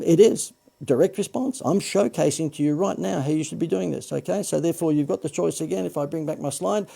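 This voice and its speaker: An Australian marketing coach with a very dark, gravelly voice hosts a Facebook Live sales pitch for his marketing course. He's chatty and loose, full of "uh"s, quick self-corrections and self-deprecating jokes.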